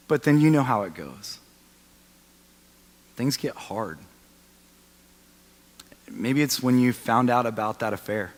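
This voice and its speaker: A man in his thirties preaching a sermon as a pastor, telling the story and swinging from loud to hushed. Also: mid-range voice, takes it slowly, long pauses. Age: 30s. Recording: long reverb of a large hall.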